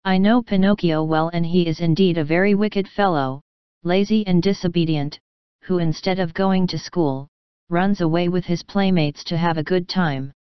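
Storybook: mischievous wooden marionette boy, eager and pleading, voiced by a woman, clear low-ish voice. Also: normal speed, no room sound, highs cut off, lightly acted.

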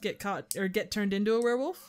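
A woman guest on a casual film commentary, reacting in an animated, laughing way. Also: medium pitch, fast.

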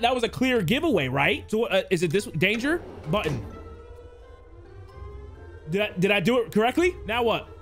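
Loud, excitable young male gamer. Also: fairly high pitch. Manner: loud, excitable, swears a lot, talks to chat; reads game text aloud in a calmer voice. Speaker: gaming YouTuber. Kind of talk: casual gameplay commentary. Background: faint game music.

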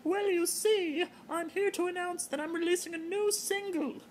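A man's voice: very high voice, steady tone, moderate pace, a little hiss or hum, pitched above the performer's own voice, poor audio. A man doing Terry, a boozy giraffe diva. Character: boozy middle-aged female giraffe pop star.

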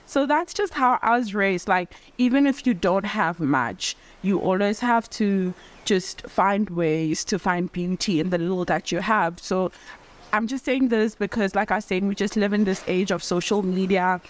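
A young woman talking casually to camera in a vlog, theatrical and animated, talking with her hands and dotting her speech with "like". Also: medium pitch, unhurried. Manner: chatty, full of "like" fillers. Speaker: vlogger. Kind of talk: casual reflective vlog talk.

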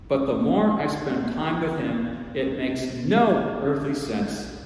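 Slow, animated preacher man in echoey church. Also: medium pitch, a little hiss or hum. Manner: expressive, theatrical retelling in character. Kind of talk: dramatic first-person sermon storytelling. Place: church sanctuary. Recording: echoey church hall from far off.

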